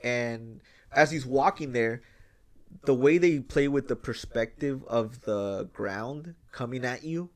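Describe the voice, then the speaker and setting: A man hosting a podcast in casual chat, excitedly retelling a film scene, swearing freely and acting out the lines. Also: mid-range voice, slow pace. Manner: excited storytelling, swears freely, acts out quotes. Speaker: podcast host.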